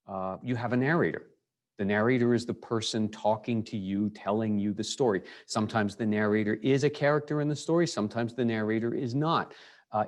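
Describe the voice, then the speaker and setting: A man teaching a high school English lesson, talking in a loose, conversational way with frequent fillers and restarts. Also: a little mellow. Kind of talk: recorded lecture.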